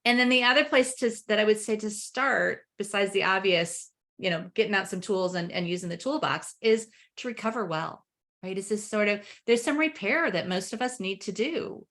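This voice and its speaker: A woman in a webinar conversation, speaking as a parenting coach at a middling pitch. She is animated, laughs as she talks and slips into acted family dialogue to make her points. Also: normal speed.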